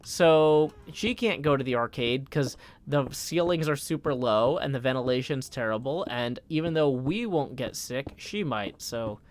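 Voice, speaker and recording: Animated and mid-range, the voice belongs to a man in his thirties casually talking on a live gaming stream. He's scattered and quick to burst out in mock-indignant protest.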